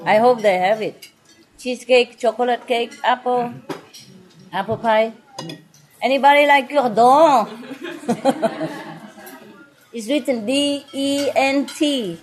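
Playful, slow-talking woman, often laughing. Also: a little high, a little mellow. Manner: non-native English grammar. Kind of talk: casual joking chat. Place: restaurant dining table.

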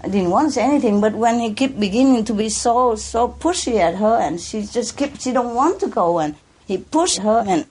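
Woman, casual talk, earnest, emotional, restarts, soft laughs. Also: fairly high pitch, lively intonation, moderate pace, breathy edge. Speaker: interviewee addressed as master. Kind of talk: casual conversation.

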